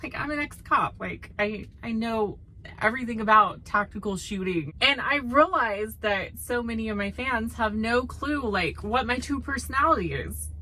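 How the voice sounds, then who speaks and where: A Southern woman trucker chats casually to her viewers, candid and blunt. Her voice sits a little high and has a bright, forceful edge. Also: expressive, normal speed, poor audio. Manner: blunt, candid, says y'all. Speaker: trucker vlogger. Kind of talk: casual chat to camera.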